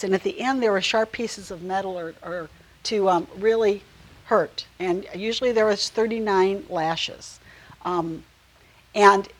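A woman teaching a Bible study in a conversational way, earnest, with frequent pauses, ums and restarts. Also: medium pitch, rough recording.

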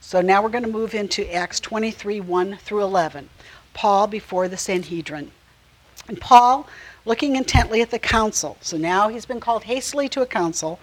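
An earnest woman leads a Bible study at a medium pitch, explaining scripture in a relaxed, conversational way. She pauses often, fills gaps with ums and corrects herself mid-sentence as she works through each point. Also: rough recording.

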